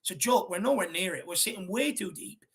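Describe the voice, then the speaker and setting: A man's voice: sits high, lively intonation, a little fast, creaky, a bit bright. A man on a fan panel ranting angrily about his team's play, swearing constantly. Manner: swears constantly, rants at the team. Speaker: fan pundit.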